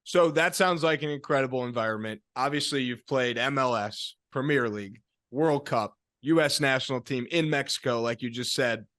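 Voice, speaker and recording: A man hosting a podcast who asks long, measured, rambling interview questions. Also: mid-range voice, a bit bright, dry recording, studio quality. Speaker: podcast host.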